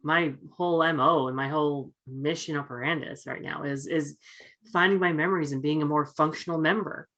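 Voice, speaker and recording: A woman's voice: deep voice, steady tone, a little fast, a bit bright. A woman playing a character in a tabletop game, talking earnestly and rambling with restarts. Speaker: player. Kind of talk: in-character tabletop role-play.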